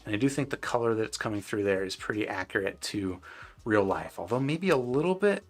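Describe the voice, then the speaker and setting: A man's voice: lowish voice, lively intonation, fairly quick. A man hosting a live stream, casually answering viewers' chat questions with loose, rambling talk full of fillers and restarts.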